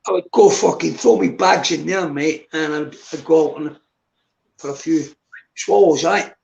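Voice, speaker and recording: A man's voice: fairly high pitch, normal speed, creaky, a little mellow. A Scottish man in his fifties chatting casually on a live stream, swearing freely and calling the listener mate. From Scotland. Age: 50s. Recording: echoey room.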